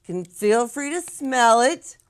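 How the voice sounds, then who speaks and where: A woman's voice: on the high side, expressive, slow. A woman hosting a playful taste test, upbeat and coaxing as she directs her guests. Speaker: segment host.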